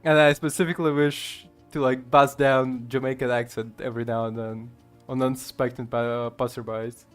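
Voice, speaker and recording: Rambling Ukrainian-accented gamer. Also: male voice, mid-range voice, little pitch movement, moderate pace, clean tone, soft background music. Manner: rambling, chuckling, swears often. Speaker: gamer streamer. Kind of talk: casual gameplay commentary.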